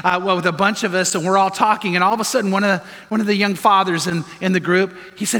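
A pastor with a high, bright voice preaches a sermon a little fast and with fairly even intonation. He tells stories and hammers his point home with repeated, earnest commands, while a long reverb trails each phrase through the hall.

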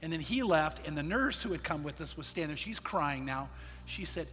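A man, a pastor, telling a personal story in a sermon, earnest and dropping quiet in the sad parts. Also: a little high, fairly quick, in a large hall, faint music behind. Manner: earnest storyteller, quotes others in his own voice, drops quiet in sad parts.

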